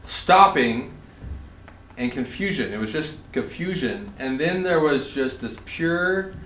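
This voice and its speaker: A man in his thirties speaking to a group, telling an animated story and laughing through it. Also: fairly high pitch, slow pace, distant mic. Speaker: conference speaker. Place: large indoor hall at a retreat facility. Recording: echoey hall, faint room noise.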